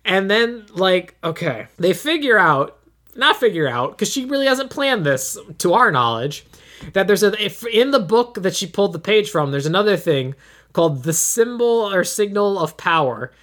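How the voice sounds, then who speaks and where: A man's voice: high-pitched, very animated, moderate pace, fairly bright tone. Brief: male podcast co-host, loose and rambling, talks through a movie plot. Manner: rambling, many filler "like"s and restarts. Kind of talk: casual chat recapping a movie.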